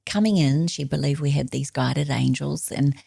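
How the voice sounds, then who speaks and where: Low, gravelly woman telling stories. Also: normal speed, no echo, clean studio sound. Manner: earnest, drops to a soft whisper when quoting others. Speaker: podcast guest. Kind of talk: reflective storytelling conversation.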